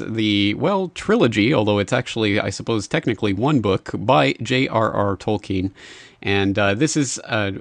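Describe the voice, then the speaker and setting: A man hosting a podcast in a casual monologue, measured and thoughtful, a little self-deprecating, close to the mic. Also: medium pitch, dry recording. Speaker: podcast host.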